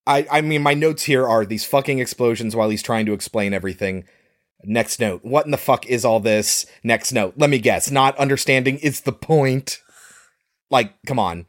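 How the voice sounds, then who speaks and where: A man's voice: medium pitch, normal speed. A man co-hosting a film podcast in casual chat, retelling scenes sarcastically and swearing freely. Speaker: podcast co-host reviewing a film.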